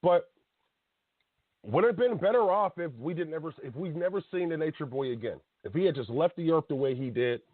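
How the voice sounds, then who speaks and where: Host, late thirties, male, husky, heated and blunt, pitch swinging a lot, thin phone-like sound. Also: lively intonation, brisk, dry recording. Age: 30s. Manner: blunt, heated ranting with laughs and slang. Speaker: podcast host. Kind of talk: casual radio talk.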